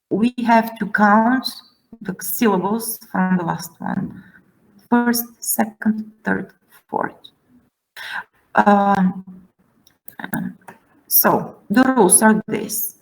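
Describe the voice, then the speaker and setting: A woman giving a classroom lecture at an unhurried, deliberate pace. She breaks each term down step by step, counting and repeating as she explains. Her voice sits at an ordinary, middle pitch. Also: lively intonation, low-quality recording. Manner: methodical, spelling out terms slowly. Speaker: teacher.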